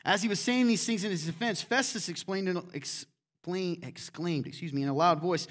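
A man preaching a sermon in a church, animated and acting out quotes in different voices. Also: a little high, fairly quick. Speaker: pastor.

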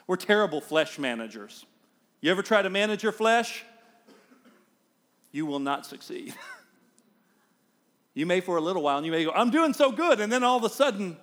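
A middle-aged man delivers a sermon from the pulpit in a slightly higher-than-usual voice. He swings between animated, acted-out everyday moments and quieter, earnest appeals. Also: long reverb tail. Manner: animated, acts out everyday scenes in raised voice. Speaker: pastor.

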